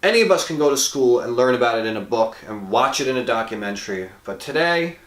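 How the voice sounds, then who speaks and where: A man hosting a show, speaking earnestly to the camera and speeding up or slowing down for emphasis. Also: mid-range voice, animated, background noise. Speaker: host. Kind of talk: earnest direct-to-camera talk. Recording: roomy echo.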